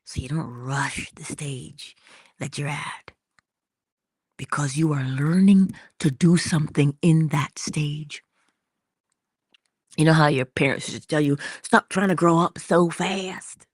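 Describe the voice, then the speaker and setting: A woman hosting an inspirational livestream, talking slowly and intimately, dropping into whispers at times and greeting viewers in the chat. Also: sits low, fairly even intonation, a little mellow, husky, dry recording, studio quality. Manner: slow, intimate, drops into whispers. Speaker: motivational livestream host.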